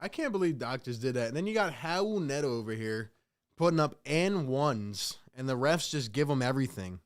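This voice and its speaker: A man's voice: medium pitch, lively intonation, moderate pace. A man hosting a live play-by-play reaction stream, calling the game casually and venting in exasperation while he talks to his chat.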